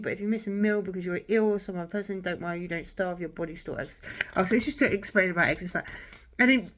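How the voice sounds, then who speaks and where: Her voice sits in the mid range with a bit of brightness. She's a young woman vlogging a casual show-and-tell of old children's books, gushing to viewers and filling her chatter with lots of filler words.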